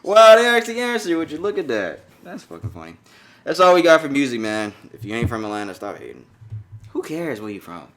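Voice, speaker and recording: Young man, podcast co-host, rowdy swearing banter, very animated pitch. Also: a little fast, a little hiss or hum. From Georgia. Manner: loud, swearing, laughing banter. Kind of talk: casual chat.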